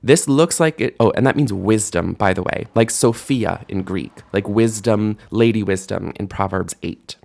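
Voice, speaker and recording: A fairly low, creaky male voice leads a recorded Hebrew lesson at a desk microphone. Slow syllable-by-syllable pronunciation and patient grammar explanations are broken up by easygoing jokes.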